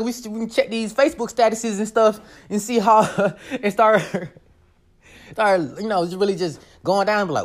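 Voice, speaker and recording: A woman giving casual commentary on a vlog, animated and profane, laughing often as she rants. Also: medium pitch, normal speed. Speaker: vlogger.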